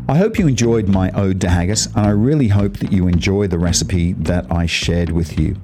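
A Scottish man hosts the show in a friendly, easygoing way, with a low voice. He chats and jokes lightly, then reads verse aloud at a measured pace. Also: darkish tone. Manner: friendly, chatty, lightly humorous. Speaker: host. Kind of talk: casual talk and reading a poem aloud.

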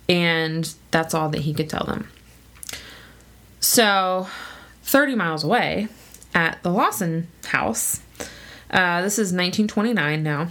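A woman's voice: on the low side, unhurried. Chatty woman telling a story. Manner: chatty, laughs often, lively quoting voices. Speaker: podcast co-host telling a true story. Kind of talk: casual storytelling chat.

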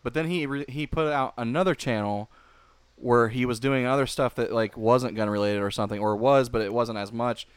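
A young man chatting on a podcast in a middling voice, blunt and quick to swear. He talks over the others. The mic sound is dry. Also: mid-range voice, clean tone, no echo. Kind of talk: casual chat.

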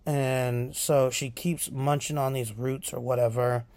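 A man hosting a podcast, casually retelling horror film scenes in a profane, animated way. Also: mid-range voice, measured pace, dry recording. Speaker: podcast host.

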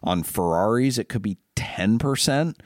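Male host, low register, dry close sound, loose rambling delivery with stammered restarts. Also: animated, measured pace, a little mellow, dry recording. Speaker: show host and car dealer. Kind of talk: casual show chat.

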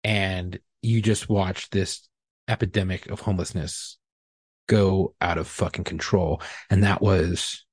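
A man on a podcast, telling a profane, animated story in casual chat. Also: sits low, measured pace, husky, dry recording, studio quality. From California. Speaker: podcast co-host.

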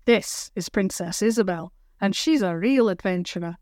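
A woman's voice: mid-range voice, moderate pace, no echo, studio quality, close to an everyday voice. Woman reading as a grinning young prince. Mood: teasing. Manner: bright and grinning, teasing. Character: young prince, good-humoured older brother.

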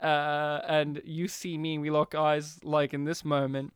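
A man's voice: on the high side, unhurried, smooth, no echo, studio quality. A man co-hosting a podcast, chatting casually about a film, full of fillers. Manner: chatty, animated, many "like" fillers. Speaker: podcast co-host. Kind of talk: casual film commentary chat.

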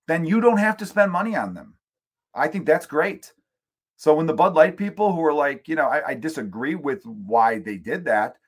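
Husky low-voiced man ranting. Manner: loose, profane, rambling. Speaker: podcast host. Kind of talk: casual ranting monologue. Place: home.

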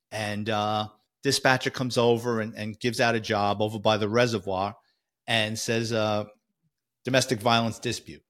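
A former police officer with a New York accent tells a vivid first-person story in a conversational, halting way. His voice is mid-range with a fairly bright tone.

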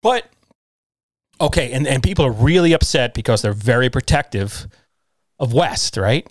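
A man's voice: medium pitch, expressive, moderate pace, no room sound. A man co-hosting a casual chat show, talking emphatically and ranting straight at his listeners.

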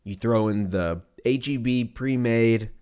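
A man's voice: mid-range voice, unhurried, a little mellow, clean tone. A man hosting a podcast, rambling through a crude, self-mocking comedic monologue with lots of swearing. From Armenian and German heritage.

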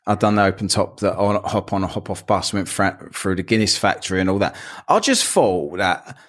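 A man with a fairly low voice hosts a casual podcast chat, ranting bluntly about his pet hates. He talks loosely, trails off into restarts and drops the odd swear word. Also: animated, moderate pace, a bit bright. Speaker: podcast co-host.

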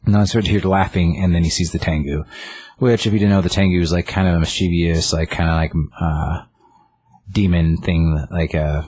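A man with a very low, husky voice rambles through a story in casual chat. He piles up fillers and restarts and breaks into the characters' lines as he goes. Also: steady tone, brisk, darkish tone, dry recording. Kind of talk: casual chat retelling a comic.

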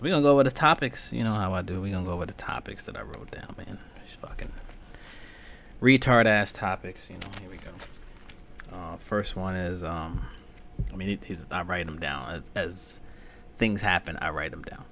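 A man with a fairly low voice hosts his own podcast, talking in a loose, rambling, profane style. He drifts between low mutters and sudden loud, high-pitched rants. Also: normal speed, vocal fry, pauses often, a little hiss or hum. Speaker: podcast host. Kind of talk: solo podcast rant.

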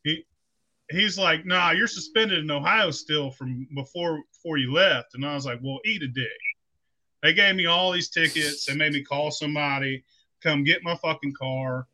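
A man telling a profane, animated story in a casual podcast chat, acting out the people he quotes. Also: a little high, normal speed, poor audio.

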